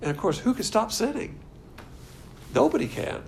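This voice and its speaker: Male preacher, casual sermon, gravelly voice, faint noise behind. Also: very high-pitched, normal speed. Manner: animated, jokey, mimics imagined people in quoted voices.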